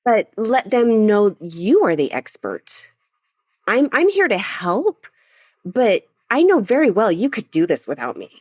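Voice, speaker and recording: A woman speaks as a podcast guest, her voice rising and falling a lot as she talks. She answers in a warm, affirming way. The recording is dry and close. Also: mid-range voice, huge pitch swings, a little slow, dry recording. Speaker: guest, charity executive. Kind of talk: casual interview chat.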